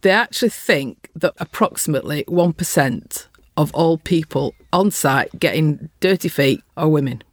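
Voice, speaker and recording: A middle-aged woman with a softened Lancashire accent, speaking as a forthright, bolshie interview guest. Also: low voice, animated, moderate pace, few pauses, no room sound, clean studio sound. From Lancashire, England. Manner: blunt, forthright, bolshie storyteller. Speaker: construction health and safety consultant.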